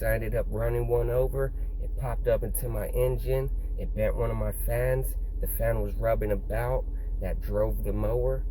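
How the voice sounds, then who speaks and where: A man's voice: medium pitch, noisy background. A man vlogging, casually telling a long story in a rambling way, full of "you know" and some swearing.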